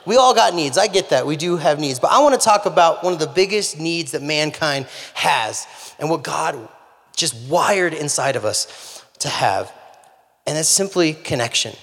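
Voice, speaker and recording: A man preaching a sermon, telling a humorous story in an animated way. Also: on the high side, moderate pace. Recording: long hall reverb.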